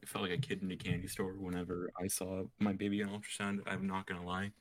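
A young man with a low voice chats casually as a podcast co-host. He rambles and restarts often, stacking up fillers as he tells his stories. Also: completely flat delivery, fast.

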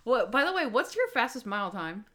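A young woman in casual podcast chat, animatedly retelling TV scenes and acting out quotes. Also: brisk. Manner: animated, acts out quotes with big pitch jumps. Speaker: podcast co-host. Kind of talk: casual chat recapping a TV show.

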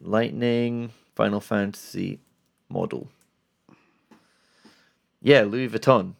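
A man's voice: on the low side, takes it slowly, gravelly. A man, co-hosting a casual podcast chat about video games with blunt, jokey asides. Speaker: podcast co-host.

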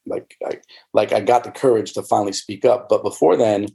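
Talking a little fast in a lowish, gravelly voice that's mellow yet slightly rough, this man is an interview guest who used to belong to the church. He tells his experiences candidly and conversationally, rambling with many fillers and restarts.

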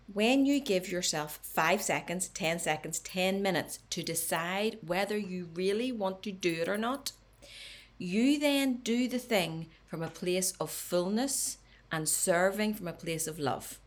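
Lower-voiced woman giving lively advice. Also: unhurried. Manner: animated, advice-giving, dips to near whisper. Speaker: podcast guest coach. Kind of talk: casual podcast chat.

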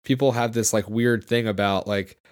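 A man's voice: lowish voice, steady tone, normal speed, smooth. A man in casual conversation, easygoing and joking, talking about reading comments on his videos.

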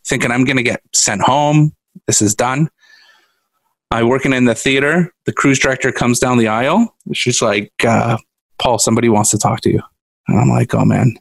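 A man's voice: mid-range voice, fairly bright tone, dry recording. A middle-aged man co-hosting a podcast, telling a story casually and laughing often. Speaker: podcast co-host. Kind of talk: casual chat.

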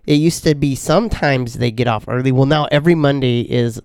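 A man in his thirties, a podcast co-host telling a story in casual chat, animated and mimicking other people. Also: mid-range voice, fairly quick, smooth, dry recording, studio quality.

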